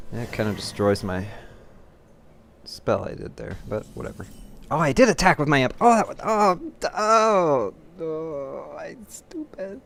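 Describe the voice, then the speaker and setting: A man giving live commentary on his own card game, thinking his moves through aloud and getting excited or laughing at his own mistakes at his home computer. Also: medium pitch, slight background noise. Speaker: gameplay commentator.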